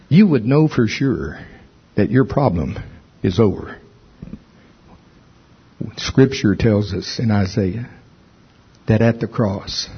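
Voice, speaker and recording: Very husky male preacher. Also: highs cut off. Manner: emphatic preaching, rising in pitch when stirred. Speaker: pastor. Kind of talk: sermon.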